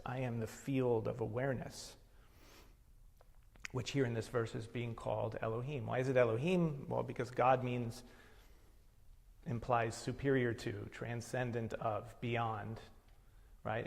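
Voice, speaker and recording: A man's voice: mid-range voice, gravelly. Reflective male meditation teacher, reverberant hall. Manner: reflective, unhurried explaining.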